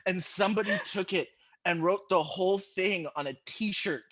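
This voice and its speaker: A man's voice: sits high, normal speed, a bit bright, dull audio. A man in casual podcast chat who laughs often and tells stories with animation. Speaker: podcast host.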